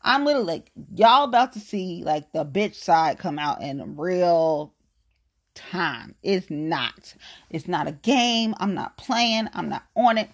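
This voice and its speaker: A woman's voice: lowish voice, animated, unhurried. A woman in her late thirties with an African American English accent, ranting about politics in a blunt, profane, fired-up way. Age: 30s. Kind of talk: casual political rant.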